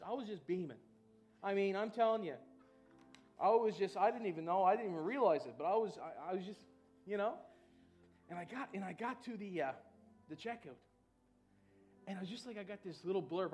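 A male pastor preaching an energetic sermon in a church, calling out to the congregation and breaking into loud whoops. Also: sits high. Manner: shouts of woo, call and response.

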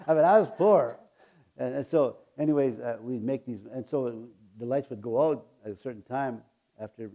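A man's voice: medium pitch, mellow. A man in his sixties preaching a sermon, telling homey stories with frequent chuckles and calling on the congregation to repeat after him. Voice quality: chuckling, folksy storytelling with a call-and-response manner. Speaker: pastor.

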